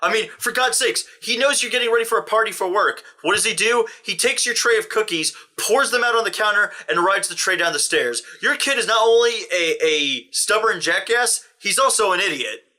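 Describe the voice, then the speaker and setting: A young man co-hosting a film review, talking casually and animatedly, ranting and slipping into quick impressions. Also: high-pitched, lively intonation, pushed and bright. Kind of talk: casual chat.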